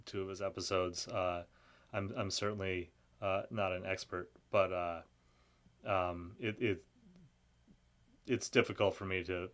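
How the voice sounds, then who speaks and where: Male guest, lowish voice, hesitant and stop-start, political chat. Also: steady tone, a bit bright. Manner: halting, frequent restarts and stammered repeats. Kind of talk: conversational political discussion.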